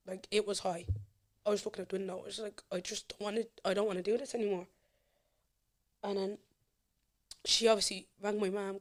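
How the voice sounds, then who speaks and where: A young Irish woman, a podcast guest, candidly telling her personal life story with emotion. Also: medium pitch.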